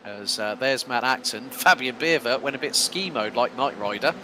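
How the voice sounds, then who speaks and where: A male sim racing commentator with a bright, forceful voice. He calls the race in quick, excitable bursts with casual fillers. A faint hiss sits under the recording. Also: medium pitch. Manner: fast, excitable play-by-play with fillers.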